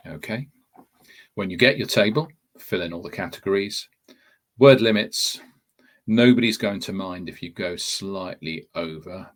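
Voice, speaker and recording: A man's voice: low voice, husky. A man teaching a course webinar in a conversational way, often restarting his phrases and addressing viewers directly. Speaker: TEFL course tutor. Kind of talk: webinar explanation.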